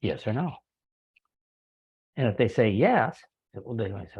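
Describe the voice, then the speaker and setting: A man's voice: on the low side, sing-song, a little slow, gravelly, pauses often, husky, dull audio. A man giving a recorded sales training talk, folksy and chatty, acting out little sample conversations. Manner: folksy, acts out little dialogues.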